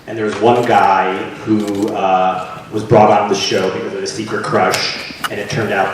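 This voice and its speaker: A man being interviewed as an actor, chatting casually and telling animated stories with frequent laughs and restarts. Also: lowish voice, normal speed, background noise. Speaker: actor and guest. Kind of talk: casual chat. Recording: echoey room, distant mic.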